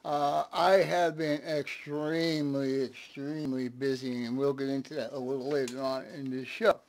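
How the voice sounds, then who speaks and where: A man's voice: mid-range voice, flat delivery, moderate pace. A man hosting a casual live stream, chatting, laughing often and greeting viewers one by one.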